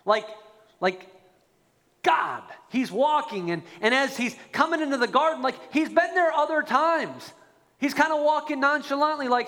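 A man preaching a sermon as a pastor, animated and acting out quoted prayers. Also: very high voice, a little slow, long pauses, big-room sound.

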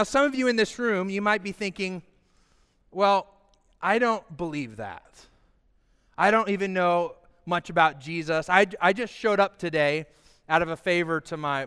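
A man preaching an Easter sermon as pastor, lively and calling the congregation to repeat after him. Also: high-pitched, clear, resonant tone. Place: church sanctuary with congregation. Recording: long hall reverb.

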